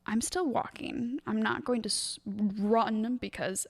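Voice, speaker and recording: Young woman, high voice, casual podcast chat, rambling, swears freely. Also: steady tone, takes it slowly, darkish tone, breathy edge. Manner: swears freely, laughs often, rambling storytelling. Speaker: podcast co-host.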